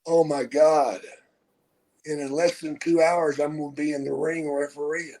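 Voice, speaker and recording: A man's voice: on the high side, steady tone, mellow, poor audio. Profane older man spinning a yarn. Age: 60s. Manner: profane, unhurried storyteller. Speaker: podcast host telling his own story. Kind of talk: casual storytelling.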